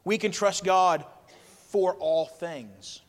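Pastor guy preaching, bright and kinda high, big hall echo. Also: slow pace. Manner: emphatic preaching, swings between loud and quiet. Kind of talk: sermon. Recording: long reverb of a hall.

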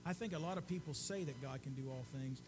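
A man preaching a sermon in an earnest, conversational way, often dropping to a soft hush. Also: on the high side, fast talker, over music.

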